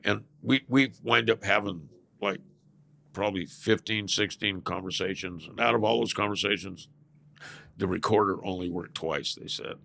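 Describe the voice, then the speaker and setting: A man's voice: on the low side, moderate pace, gravelly, pushed and bright. An older man from California, a podcast guest telling blunt, profane stories in a casual interview and chuckling as he goes.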